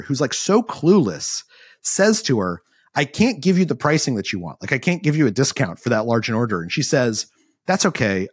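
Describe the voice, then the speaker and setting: A middle-aged man spins an anecdote with lots of rise and fall in his voice, voicing the people he quotes and scattering fillers through his sentences. His tone is a little husky, and the recording is close and dry. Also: medium pitch, no echo. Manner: lively anecdotal storyteller, acts out quotes, many "like" fillers. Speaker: author guest. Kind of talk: animated storytelling in a podcast interview.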